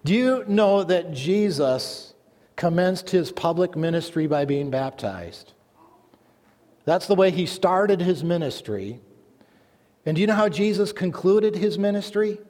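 Guy preaching a sermon, kinda high voice, long church reverb. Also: expressive, measured pace, a little mellow. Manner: earnest preaching with a folksy joke. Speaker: pastor. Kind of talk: sermon with scripture reading.

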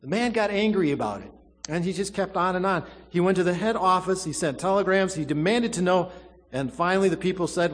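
A preacher delivers a sermon with dramatic swings, booming on some phrases and falling almost to a whisper on others, leaning hard on key words. His voice sits somewhat high for a man. A long reverb from the church hall trails each line. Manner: dramatic preaching, swells loud then drops to a hush, slow emphatic stresses.

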